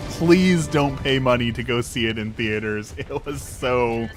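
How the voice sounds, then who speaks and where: A man's voice: mid-range voice, measured pace, few pauses, faint music behind. A man streaming live, ranting casually with sarcastic, mocking exasperation. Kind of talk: casual rant to a live audience.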